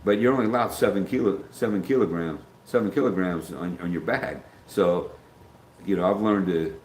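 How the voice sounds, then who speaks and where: A deep, darkish voice at normal speed belongs to a middle-aged man rambling on his casual livestream as he greets chat viewers by name. Slight background noise accompanies a roomy recording with faint ambience.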